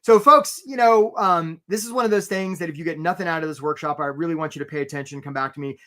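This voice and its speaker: A man's voice: fairly high pitch, fast talker, few pauses. Male career coach, webinar host, peppy and chatty, video-call sound. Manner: energetic, upbeat, asks "right?" often. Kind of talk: live webinar presentation.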